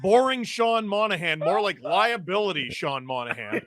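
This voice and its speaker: A man's voice: high-pitched, expressive, moderate pace, a bit bright, no echo, clean studio sound. A man doing a brash ranting sportscaster. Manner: mock-outraged ranting, insulting players. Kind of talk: comic play-by-play impression.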